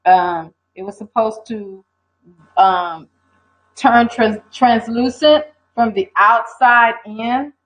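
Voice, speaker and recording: A woman's voice: on the high side, takes it slowly, fairly bright tone. An older woman hosting a casual livestream, talking in a rambling, hesitant way and answering viewers. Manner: rambling, hesitant, reads viewer comments aloud. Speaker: livestream host. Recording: dull lo-fi stream audio.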